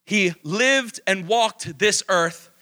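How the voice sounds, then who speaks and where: Male pastor, high and bright, emphatic sermon delivery with call-and-answer questions. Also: slow. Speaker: preacher.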